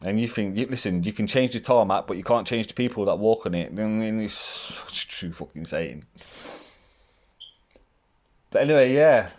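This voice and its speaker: A man's voice: fairly low pitch, expressive, moderate pace, darkish tone. A man telling his life story in a candid, rambling way, swearing freely. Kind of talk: casual storytelling.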